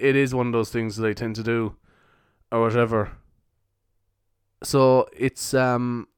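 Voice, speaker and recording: Young Irish man from Cork, podcast host, rambling comic chatter, smooth voice, dry close sound. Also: medium pitch, no echo. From Cork, Ireland. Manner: jokey, rambling, swears casually. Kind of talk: rambling solo podcast chat.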